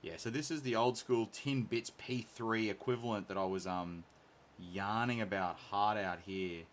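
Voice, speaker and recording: A man's voice: lowish voice, normal speed, slight background noise. A man hosting a live painting stream, joking and teasing in casual chat. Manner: playful, teasing, self-mocking. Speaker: stream host painting miniatures. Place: hobby shop office.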